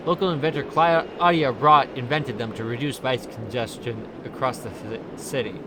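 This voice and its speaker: A man's voice: mid-range voice, moderate pace, noisy background, lightly acted. A man voicing a chipper, scatterbrained woman tourist officer who rambles in an overly formal way. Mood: flustered. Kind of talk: reading game dialogue aloud.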